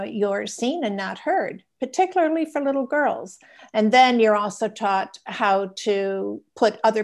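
A woman podcast host interviewing a guest in a reflective, drawn-out way. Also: mid-range voice, vocal fry, darkish tone. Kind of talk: interview hosting.

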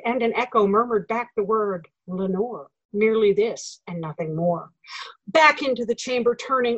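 A woman giving a dramatic poetry recitation, theatrical and swinging between hushed lines and loud outbursts. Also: a little high, husky, dry recording, rough recording.

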